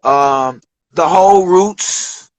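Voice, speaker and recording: Animated man from Detroit, slangy storyteller. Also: high voice, extremely slow, no echo, poor audio. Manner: animated storyteller, acts out quoted voices, profane slang. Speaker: interview guest, rapper. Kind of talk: casual storytelling interview. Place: studio.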